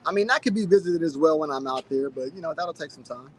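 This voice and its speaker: A man's voice: on the high side, quick pace, breathy edge. A man in his thirties hosting a casual livestream, chatting loosely and reading out viewer comments. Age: 30s. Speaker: channel host.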